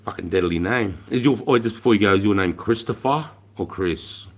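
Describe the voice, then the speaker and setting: This Australian man in his forties talks fairly quickly in a lowish voice while casually hosting a livestream. He's blunt and rambling, curses freely, calls people mate, and tends to let his sentences fade off.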